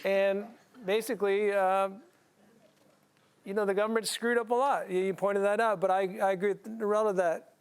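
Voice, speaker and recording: Comedian panellist, man, high smooth voice, dry jokes. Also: normal speed. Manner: deadpan joking, playful voice swings.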